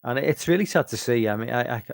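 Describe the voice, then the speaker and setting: A tired middle-aged man with a British accent rambles through a late-night Q&A, sweary and full of restarts. His voice sits at an ordinary pitch and sounds dry and close, with no room around it. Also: lively intonation, fast, gravelly, dry recording. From United Kingdom. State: tired, fighting sleep. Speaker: live streamer. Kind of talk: late-night casual Q&A chat.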